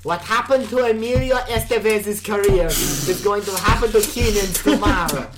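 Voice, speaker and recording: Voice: mid-range voice, normal speed, very noisy, natural voice. Someone doing an old Italian-accented psychic widow. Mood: deadpan. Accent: put-on Italian. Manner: dry, evasive one-liners. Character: old woman psychic, Houdini's widow, deadpan. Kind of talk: improvised comedy character.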